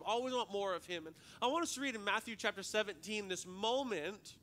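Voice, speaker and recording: A man's voice: high voice, a bit bright. A male pastor preaching a sermon in a conversational, joking way, often repeating words as he goes.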